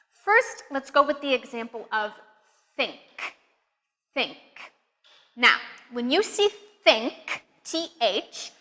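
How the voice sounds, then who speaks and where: Bright, high-voiced woman teaching pronunciation. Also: in a large hall. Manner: upbeat, encouraging, demonstrative. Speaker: accent teacher. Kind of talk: pronunciation lesson.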